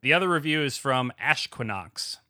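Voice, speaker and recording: Dry-voiced man, deadpan narrator. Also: mid-range voice, normal speed, no room sound. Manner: stumbles over names, dry deadpan narration. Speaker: podcast co-host reading fan fiction aloud. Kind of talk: casual comedic reading and chat.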